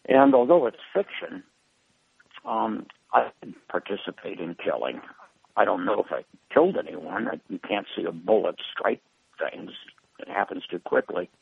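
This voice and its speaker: An older man, an author, telling a story slowly and haltingly in an interview, with a gravelly, husky voice. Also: sits low, big pitch swings, no echo. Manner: slow, halting, reflective storytelling. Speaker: author and guest. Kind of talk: reflective interview conversation. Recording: phone-line quality, dry sound.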